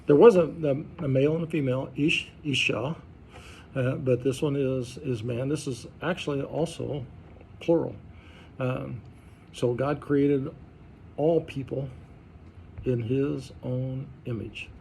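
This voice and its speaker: A pastor leading an informal Bible study, talking conversationally and quizzing the group with questions. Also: male voice, medium pitch, steady tone, unhurried, creaky, darkish tone, a little hiss or hum. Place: church study group room.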